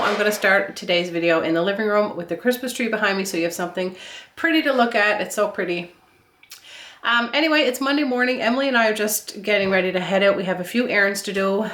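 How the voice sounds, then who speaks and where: A woman's voice: mid-range voice, fairly bright tone. A woman in her thirties from Eastern Canada, a stay-at-home mom chatting casually through her day while stuffed up from a cold, with lots of ums. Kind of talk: casual vlog chat.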